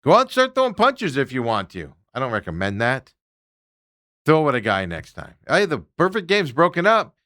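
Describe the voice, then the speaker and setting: Animated, bright-voiced sports talk host. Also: male voice, mid-range voice, normal speed, no room sound, studio quality. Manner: animated ranting, mocking impressions of players.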